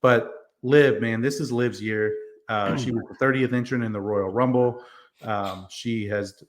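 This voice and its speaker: A man's voice: medium pitch, fairly even intonation, a little slow. A man co-hosting a wrestling podcast, chatting casually and earnestly arguing his picks, with plenty of ums and you-knows. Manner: earnest, makes his case with fillers. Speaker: podcast co-host. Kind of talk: casual chat.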